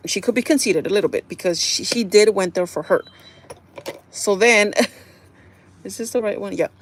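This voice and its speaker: A woman with a medium-pitched voice talks at a normal speed over a slight hiss or hum. She's hosting a livestream, casually recapping a TV show for viewers she calls "you guys," and she acts out the characters' lines in quotes as she retells the story.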